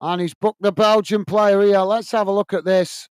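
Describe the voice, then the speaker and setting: Man, from England, football watch-along host, chatty and ranty, high voice, smooth clear tone, dry close mic. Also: fairly even intonation, no echo. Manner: chatty, reads out viewer messages, quick to rant. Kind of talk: live football commentary and chat.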